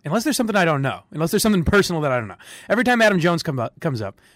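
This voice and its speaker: A man's voice: a little high, racing, dry recording. A man hosting a sports radio podcast, chatting casually with strong opinions, rambling and laughing often. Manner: rambling, animated, laughs often, restarts sentences.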